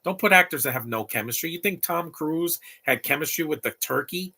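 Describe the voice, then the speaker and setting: A man's voice: fairly high pitch, lively intonation, a little fast, creaky, sharp tone, husky. A man in his late thirties giving opinionated, rambling live commentary over a movie, talking back at the screen. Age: late 30s.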